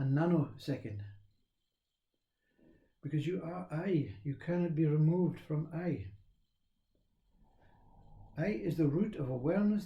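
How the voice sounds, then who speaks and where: A man giving a slow, reflective spiritual talk on self-inquiry, repeating phrases as he teaches. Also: a little high, roomy sound, highs cut off.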